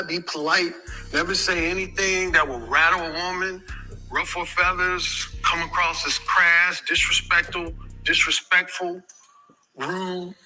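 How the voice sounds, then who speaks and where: A man telling a crude, animated personal story to an audience from a stage. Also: high-pitched, poor audio. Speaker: speaker.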